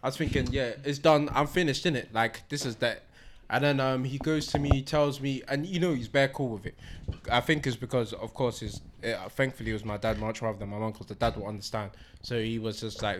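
A man's voice: lowish voice, steady tone, a little fast, a little hiss or hum. Young man telling a story. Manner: slangy storytelling, laughs often. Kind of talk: casual chat among friends.

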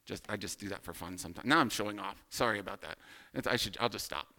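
A man's voice: on the low side, sing-song, fast, vocal fry, bright, forceful tone. A man teaching a Bible study in a casual, self-deprecating way, asking rhetorical questions.

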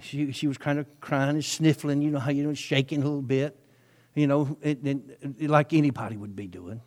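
A man's voice: on the high side, steady tone, a little fast, darkish tone. A male preacher, telling a story in his sermon in a folksy, chatty way with frequent asides.

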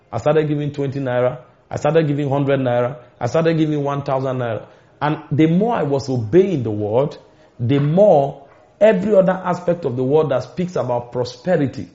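A man's voice: on the high side, mellow. Nigerian male preacher, muffled lo-fi sound. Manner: storytelling preacher, emphatic rises and dramatic pauses. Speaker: pastor. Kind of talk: sermon. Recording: muffled lo-fi recording.

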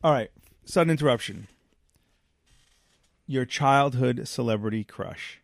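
A man's voice: mid-range voice, a little slow, gravelly, dry recording, studio quality. A man in his forties co-hosting a podcast, telling a story in casual chat and acting out the dialogue. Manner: animated storyteller who acts out dialogue. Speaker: podcast co-host.

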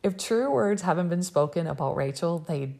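Woman recap commentator, husky creaky voice, animated, exasperated. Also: lowish voice, normal speed. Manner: animated, exasperated, quotes people in raised voice. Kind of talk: casual recap chat.

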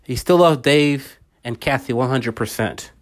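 A man's voice: medium pitch, a little slow. A middle-aged man hosting a podcast, giving an earnest, repetitive, preacherly motivational monologue. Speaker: podcast host.

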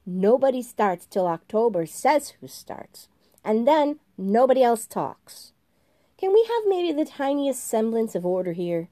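A woman's voice: on the high side, big pitch swings, measured pace, warm tone, voice pushed up. A woman voicing a small, pale, fussy man who demands order in a storybook reading. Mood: exasperated.

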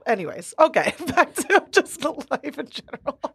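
A young woman co-hosting a casual podcast, telling bar stories in an animated way, laughing often and swearing casually. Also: sits high, normal speed, gravelly, dry recording. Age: young adult. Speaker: podcast co-host; bartender. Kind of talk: casual chat.

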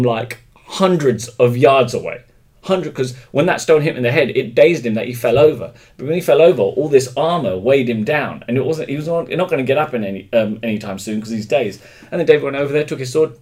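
An English man talking as a guest in a relaxed interview, his voice sitting at an everyday middle pitch. He speaks emphatically and with strong opinions, circling back and restarting as he works through his thoughts. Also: a little fast. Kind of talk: casual conversational interview.

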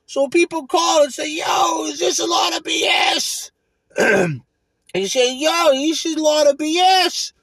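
A man putting on a loud, boastful pizza-shop guy, chanting slogans about his mama's sauce in a sing-song way. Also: very high voice, measured pace, no echo, pitched above the performer's own voice, heavily acted, rough recording.

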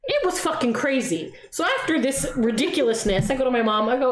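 A woman's voice: sits high, lively intonation, fast. A woman telling a story in a casual chat, swearing, laughing and acting out what people said. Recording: roomy echo with clear background noise.

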